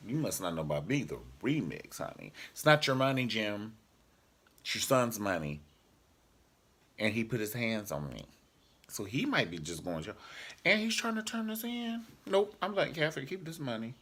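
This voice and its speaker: A man's voice: mid-range voice, big pitch swings, moderate pace, fairly bright tone, husky. A man casually reviewing a TV drama episode in a sassy, joking vlog style. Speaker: TV show reviewer.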